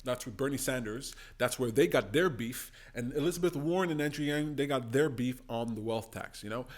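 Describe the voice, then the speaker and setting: A man hosting a political commentary channel, reacting to debate clips with animated, indignant outbursts. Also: mid-range voice, fairly quick. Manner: animated, bursts into indignant exclamations.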